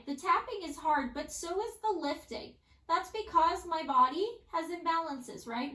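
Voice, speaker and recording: A woman Pilates instructor guiding a follow-along workout with calm, encouraging cues, often checking in with "right?". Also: high-pitched. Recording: echoey room.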